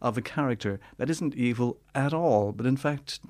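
A man's voice: medium pitch, normal speed, a little mellow. A man reviewing films in casual chat, rambling and hesitant with many fillers. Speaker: film reviewer.

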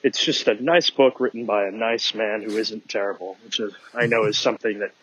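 A man's voice: fairly low pitch, fairly even intonation, brisk, a bit bright, breathy edge, dull audio. A man from Minnesota leaving a friendly, wry voice memo for a podcast, recorded outdoors on a phone. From Minnesota, USA. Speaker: listener sending a voice memo. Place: outdoors with dogs.

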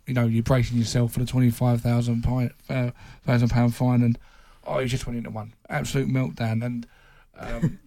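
A man's voice: mid-range voice, mellow. A man, a football journalist, telling anecdotes in casual chat and laughing at his own impressions.

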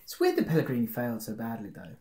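A man's voice: medium pitch, huge pitch swings, darkish tone. Joking man in an echoey room. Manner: quick, joking, laughs often. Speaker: podcast co-host. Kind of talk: casual chat.

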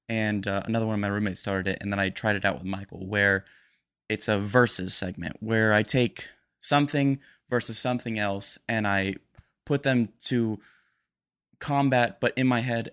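Young male podcast host, lowish voice, fast rambling chat with nervous energy. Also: a bit bright. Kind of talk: casual solo podcast monologue.

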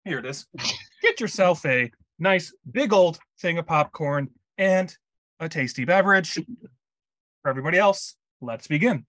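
A man's voice: on the high side, expressive, moderate pace, a bit bright, dry recording. A man hosting a casual movie review podcast, joking and upbeat, pushing his co-host for more energy.

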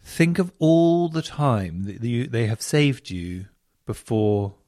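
A man hosting a radio show, reading out listener stories in casual chat, camp and animated, swooping up into exclamations. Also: medium pitch, slow, no echo, studio quality.

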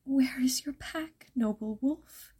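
A woman voicing a frightened, gentle young peasant girl in a soft breathy whisper, with tearful, old-fashioned formal speech, in whispered role-play. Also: sits high, slow, pitched above the performer's own voice, exaggerated voice.

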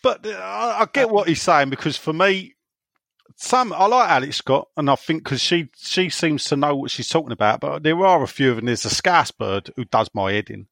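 A man's voice: fairly high pitch, animated, normal speed, gravelly, fairly bright tone, dry recording, studio quality. A man from England hosting a casual podcast, reading out listener questions in a rambling, sweary way and laughing often. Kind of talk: casual chat.

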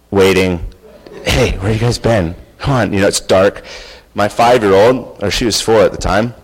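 A man's voice: lowish voice, rough recording. A man in his thirties telling a personal story in an earnest, conversational way, acting out quoted lines. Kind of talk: storytelling talk.

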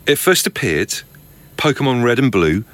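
A man co-hosting a podcast in loose, casual banter. His voice is bright and forward, and he rides it up and down with plenty of life. He teases his co-host with a cheeky edge. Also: mid-range voice, very animated, normal speed. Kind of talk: casual chat.

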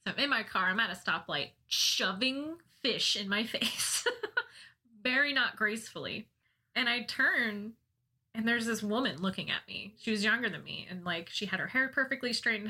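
With a slightly rough, somewhat high voice, a young woman casually recounts an amusing story from her own life. She keeps poking fun at herself and laughing, staying lively throughout.

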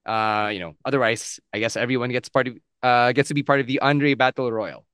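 A man's voice: mid-range voice, steady tone, fairly quick, fairly bright tone, clean tone, no room sound, clean studio sound. A man hosting a podcast, leading segments and teasing his co-hosts in casual chat. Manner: leads the segments, teasing questions. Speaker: podcast host.

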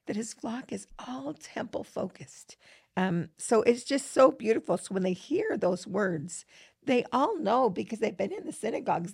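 A woman's voice: medium pitch, gravelly, darkish tone, slightly rough, no echo, clean studio sound. A middle-aged woman co-hosting a scripture study podcast, talking earnestly and reading verses aloud. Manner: earnest and enthusiastic, with frequent fillers.

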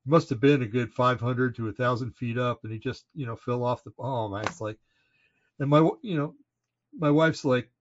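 A man's voice: medium pitch, moderate pace. A man co-hosting a casual political talk show, ranting indignantly with many fillers and restarts. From Oregon, United States. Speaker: podcast co-host. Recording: slightly dull lo-fi audio.

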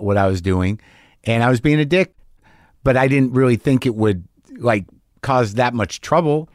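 A man's voice: fairly low pitch, a little mellow, no echo, studio quality. A middle-aged man, a stand-up comic hosting his podcast, telling a story candidly and with lots of swearing, acting out both sides of an argument. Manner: confessional, profane, acts out both sides of an argument. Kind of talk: candid monologue.

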